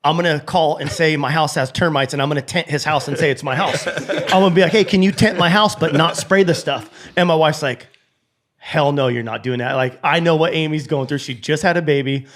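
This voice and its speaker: A podcast co-host with a slightly high voice chats casually. He tells a prank story with excitement and leaps into high, mocking voices whenever he quotes someone. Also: brisk. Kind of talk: casual chat. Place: podcast studio.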